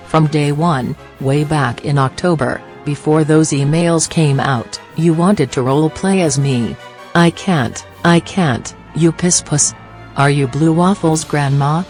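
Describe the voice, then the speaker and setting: A woman's voice: low voice, a little mellow. A woman host giving blunt, mocking commentary in a sarcastic, insulting way.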